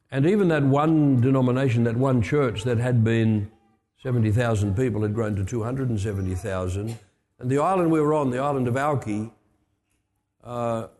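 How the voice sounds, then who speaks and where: A man's voice: medium pitch, warm tone. An older man preaching a storytelling sermon, chatty, with asides and restarts. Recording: long hall reverb.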